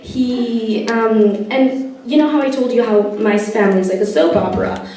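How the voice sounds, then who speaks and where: A woman's voice: on the high side, a crowd in the background. Young woman doing stand-up. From Spain. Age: young adult. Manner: wry storytelling with long comic pauses. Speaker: stand-up comedian. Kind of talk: stand-up comedy set. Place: comedy club stage. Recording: echoey room, mic at a distance.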